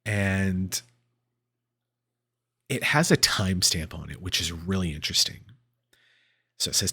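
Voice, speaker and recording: Man, podcast host, casual comic recap, rambling, deep voice, husky. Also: expressive, measured pace, long pauses, bright, forceful tone. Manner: rambling with fillers and laughs.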